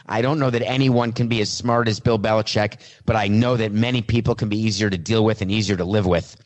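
Voicing a star quarterback who gives brutally honest answers to the press, a man delivers a mock press-conference monologue in his own plain voice rather than any impression. His voice is on the low side and close to everyday speech, with fairly even intonation and a slightly fast pace.

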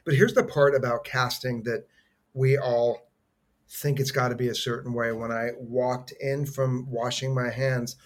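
Actor guest, male, lively casual storyteller, mid-pitched. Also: measured pace.

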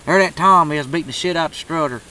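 A man's voice: on the high side, fast talker, bright, forceful tone, low-quality recording. A man telling a turkey hunting story in a drawling, profane, laid-back way. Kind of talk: casual storytelling.

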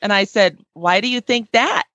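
A woman hosting a podcast interview, talking fast and with enthusiasm, quick to laugh. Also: medium pitch, sharp tone, dry recording, dull audio. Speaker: podcast host.

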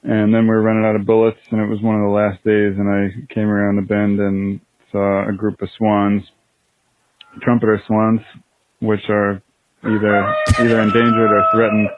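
A man calls in over a thin, phone-like line, telling his story in a low, monotone voice. He is matter-of-fact and halting, and the line is dry and close. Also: no echo. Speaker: caller.

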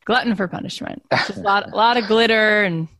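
Woman in her thirties, middle pitch, lively chat host who acts out every quote; dry, close recording. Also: a little fast, no room sound. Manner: animated storyteller who acts out quotes in a higher voice. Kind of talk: casual chat.

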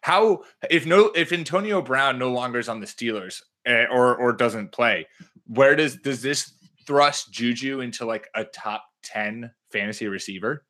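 Bright-voiced man hosting sports chat. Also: medium pitch, unhurried. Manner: jokey, animated, leads the questions. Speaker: podcast host.

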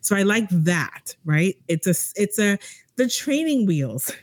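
A woman co-hosting a podcast who speaks as an employer, thinking aloud with pauses and restarts. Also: mid-range voice, sing-song, no echo. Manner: thoughtful, hesitant, many fillers and restarts. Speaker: co-host, employer. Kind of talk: casual chat.

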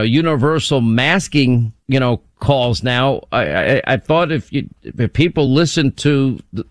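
A man's voice: medium pitch, no room sound. Talk radio host, male, dry close studio sound, wry and rambling.

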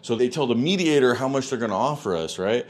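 A man telling his own story in casual speech, swearing freely, animated and laughing often. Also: mid-range voice, quick pace.

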